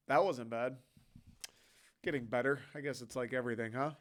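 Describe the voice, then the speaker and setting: A man's voice: mid-range voice, steady tone, a little fast, long pauses. A young man from Michigan hosting a solo podcast, rambling in an offhand, casual way and swearing freely. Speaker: podcast host.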